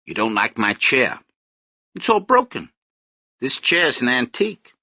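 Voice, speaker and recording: A man's voice: medium pitch, big pitch swings, unhurried, sharp tone, no room sound, muffled recording, exaggerated voice. A male audiobook narrator voicing a wry young man who is a law student and street-corner activist, teasing and lecturing in an emphatic way.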